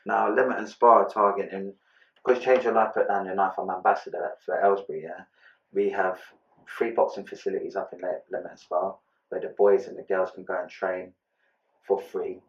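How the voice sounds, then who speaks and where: A man's voice: deep voice, level tone, brisk. A man talking in casual podcast chat, earnest and slangy, swearing freely. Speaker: guest, ex-offender charity ambassador. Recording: echoey room, distant muffled mic.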